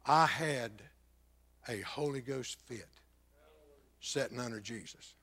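Slow-paced and medium in pitch, with a breathy edge, an older pastor tells his personal testimony. His voice rises to loud bursts and then drops to near-whispers.

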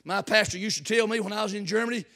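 A man preaching a fiery revival sermon, swinging from hushed tones to shouts and repeating words for emphasis. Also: high voice, rapid-fire.

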